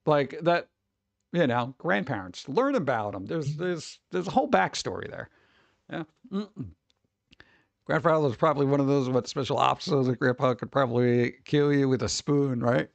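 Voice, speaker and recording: A man streaming casual reaction chat, rambling and joking, breaking into quick put-on voices for his bits. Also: mid-range voice, lively intonation, gravelly, dry recording.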